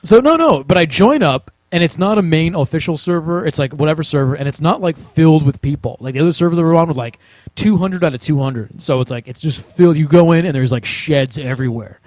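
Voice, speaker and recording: A man with a fairly high voice tells a rambling gaming story to friends, swearing freely and acting out his own reactions. The sound is dry and somewhat dull, like a cheap home recording. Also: lively intonation, fast talker, no room sound. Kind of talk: casual storytelling chat.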